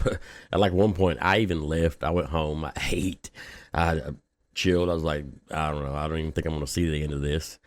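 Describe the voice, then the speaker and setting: A man's voice: very deep voice, steady tone, brisk, no echo. A man, hosting a local news podcast and telling a story in a casual, profane, laid-back way, laughing often.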